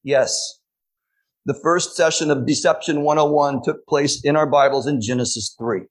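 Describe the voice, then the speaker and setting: A pastor preaching a sermon, emphatic, slowing down to stress key phrases. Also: male voice, fairly high pitch.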